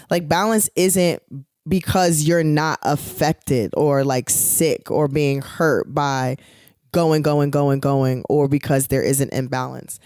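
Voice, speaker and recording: Low-voiced chatty woman, dry sound. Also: steady tone, slow, a little mellow, no echo. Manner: chatty, rambling with many fillers. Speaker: podcast co-host, touring singer. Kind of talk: casual chat.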